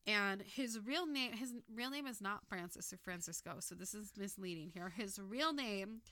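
A woman's voice: medium pitch, lively intonation, normal speed, bright, forceful tone, dry recording. A young woman with a Valley girl accent, co-hosting a casual podcast chat, chatty and loose with fillers and swearing. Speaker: podcast co-host.

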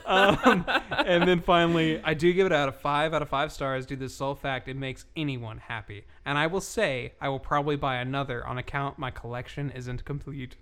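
A man's voice: medium pitch, fairly even intonation, fairly quick, few pauses, a bit bright, smooth. A man co-hosting a podcast, reading product reviews aloud with mock emphasis and often breaking into laughter. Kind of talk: casual comedic chat.

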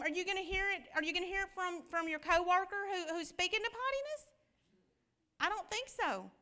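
A woman's voice: extremely high pitch, expressive, fairly quick, pushed and bright. A woman teaching a church Bible class, preaching conversationally with many rhetorical questions.

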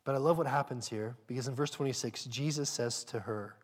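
A man preaching a sermon, speaking emphatically and directly to his congregation, swinging between loud emphasis and hushed asides. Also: medium pitch, quick pace, few pauses.

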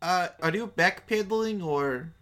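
A man playing in a tabletop game, with a blunt, dry, deadpan way of talking. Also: high-pitched, unhurried, clear, resonant tone. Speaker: player.

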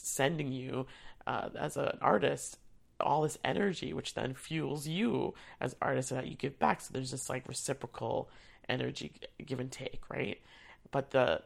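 Very gravelly, husky storyteller voice. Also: mid-range voice. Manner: casual, chatty, lots of fillers, acts out quotes. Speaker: theater education staff member. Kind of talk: personal storytelling.

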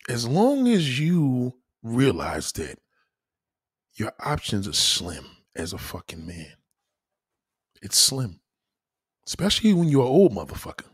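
Husky man in a profane rant. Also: wildly swooping pitch, unhurried, long pauses. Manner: loud, crude, swings between low mutters and high exclaims. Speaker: vlogger ranting to camera.

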